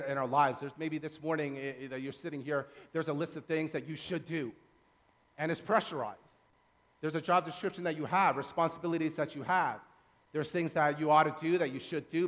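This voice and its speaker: Male pastor, higher-pitched voice, earnest sermon delivery with repetition, big reverberant sanctuary. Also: a bit bright. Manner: earnest, building emphasis with repeated phrases. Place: church sanctuary.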